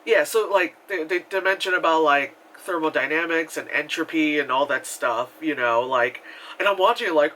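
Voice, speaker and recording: A young man giving a casual, rambling movie review, swearing often and getting excited as he talks. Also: a little high, normal speed, slight background noise, poor audio.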